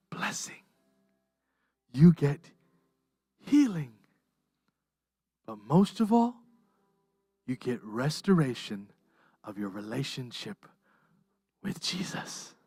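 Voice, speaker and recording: An emotional pastor delivers a sermon, with the voice swinging widely in pitch. The delivery climbs to impassioned peaks and then falls to near-whispers. The sound is dry and close. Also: breathy edge, no room sound. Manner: impassioned, swings from raised intensity to hushed softness. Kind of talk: livestreamed sermon. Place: church.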